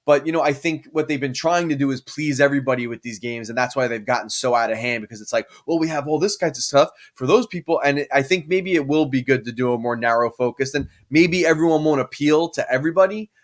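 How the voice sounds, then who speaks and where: Male co-host, mid pitch, rambling casual chat with frequent restarts. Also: fast talker, hardly any pauses. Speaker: podcast co-host.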